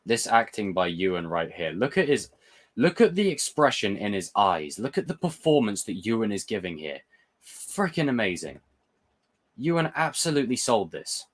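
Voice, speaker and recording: Young dude on a livestream, kinda low voice, gets hyped and swears a lot. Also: male voice, normal speed. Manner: excitable, swears and stumbles, answers viewer comments. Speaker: livestream host reviewing a TV episode. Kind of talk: casual live reaction chat.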